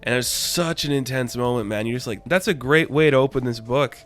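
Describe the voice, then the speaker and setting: Male comic reviewer, mid-pitched, smooth clean voice, talks loose and excitable, quiet music under him. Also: a little fast. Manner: excitable, slangy, peppers talk with "man" and "crazy". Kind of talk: casual review monologue.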